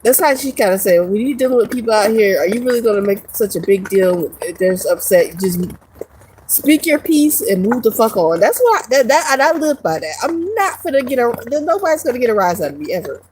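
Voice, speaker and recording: A woman's voice: on the high side, big pitch swings, brisk, darkish tone, slight background noise, low-quality recording. A woman vlogger ranting casually to her viewers, profane and rambling, laughing often. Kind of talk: casual rant to camera.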